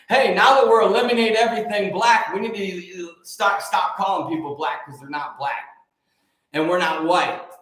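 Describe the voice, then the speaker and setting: A man preaches to his live-stream viewers in a high, fervent voice, hammering phrases over and over. He swings between loud declarations and soft, personal asides. The sound carries a strong, echoing room. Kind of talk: preachy livestream talk answering comments.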